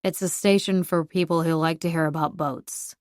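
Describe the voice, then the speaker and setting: A prickly young man grumbles defensively through this audiobook scene, voiced by a woman narrator. His lines come out gruff and a little loud. The sound is dry and close. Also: low-pitched, fairly even intonation, normal speed, no echo, natural voice. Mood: grumbling. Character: grumpy young man, prickly rival driving an old truck. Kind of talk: audiobook character voice.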